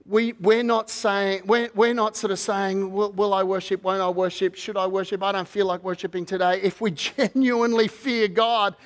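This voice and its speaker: Speaking in a high-pitched voice with a flat delivery, a man preaches as pastor. He moves measuredly, repeating words as he looks for phrasing, until he builds to a fervent call near the finish.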